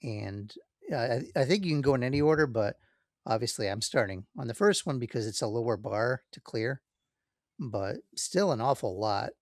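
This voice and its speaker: A man co-hosting a podcast, talking in a relaxed, rambling way, checking himself as he goes. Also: mid-range voice, normal speed, no echo, clean studio sound. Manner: relaxed, rambling, many fillers and self-checks. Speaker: podcast co-host. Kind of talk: casual chat.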